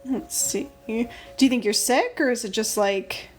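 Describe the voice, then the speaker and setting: A woman's voice: a little high, unhurried, faint music behind. A young woman casually chatting on a livestream while she draws, thinking aloud and greeting viewers by name. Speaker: livestream host drawing stickers.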